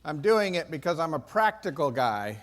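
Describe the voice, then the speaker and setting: A middle-aged man from Maine giving an energetic, self-deprecating keynote speech in a conference hall. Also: on the high side, normal speed. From Maine, USA. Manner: excitable, self-deprecating storyteller. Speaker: keynote speaker.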